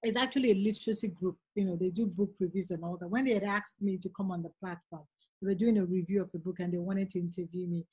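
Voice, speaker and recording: A woman's voice: fairly low pitch, fairly even intonation, fast talker, warm tone, slightly rough. A middle-aged woman, a guest author telling stories in earnest and acting out the voices she quotes. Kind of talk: casual conversation.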